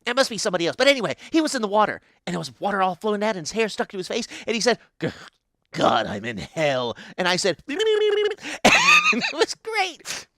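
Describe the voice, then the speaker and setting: Man playing a scatterbrained female pixie goddess: gleeful, rambling, bright tone, wildly swinging pitch, dry sound. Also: huge pitch swings, fairly quick, no room sound, exaggerated voice. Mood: giddy. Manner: rambling, giggly, swings between booming and squealing. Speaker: guest voice actor. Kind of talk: comedic improvised character interview.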